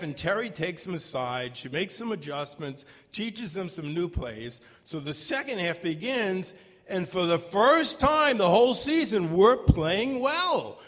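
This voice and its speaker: A man performs a personal story for a live audience, his high, bright voice swinging widely in pitch and jumping into shouts at the tense moments. The sound carries a long reverb from the hall around the stage microphone.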